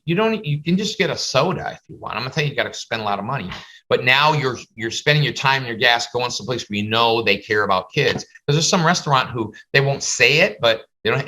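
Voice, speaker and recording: Man, instructor type, lively storyteller, bright tone, call audio. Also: poor audio. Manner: animated, acts out little dialogues in higher voices. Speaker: face painting business instructor. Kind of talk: casual teaching on a video call. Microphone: video call.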